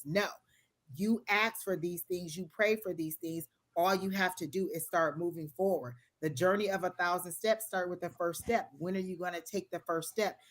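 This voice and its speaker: A woman giving psychic readings to viewers on a live stream, talking in an earnest, repetitive, motivational way with casual phrasing. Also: lowish voice. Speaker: tarot and psychic reader.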